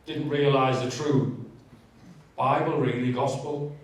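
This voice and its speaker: A guest speaker gives a candid, conversational personal testimony laced with humour in a large church hall. He speaks slowly in a mid-range voice with fairly even intonation, picked up by a distant mic in a very echoey hall.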